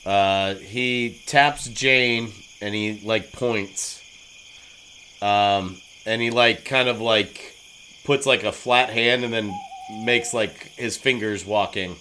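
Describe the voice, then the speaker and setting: A man's voice: lowish voice, steady tone, slow pace, bright, forceful tone, slight background noise, low-quality recording. A man playing a tabletop game, rambling and joking with lots of fillers. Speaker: player. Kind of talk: casual tabletop game play.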